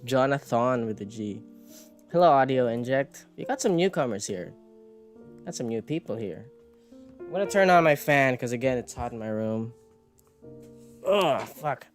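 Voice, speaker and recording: A man's voice: mid-range voice, normal speed, pauses often. A man streaming, chatting casually while he draws, rambling and mocking himself, swearing and laughing often. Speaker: streamer and animator. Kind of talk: casual chat while drawing. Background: soft background music.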